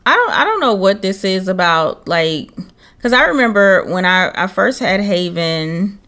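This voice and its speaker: Sassy, animated young woman podcaster. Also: medium pitch, a little slow. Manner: animated storytelling, sassy asides. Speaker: podcast co-host. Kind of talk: casual chat.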